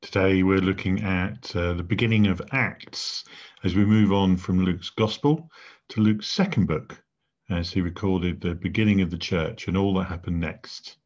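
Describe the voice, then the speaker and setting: A man preaching a sermon as vicar, measured and deliberate, pausing between phrases. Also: low voice. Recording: dull lo-fi recording.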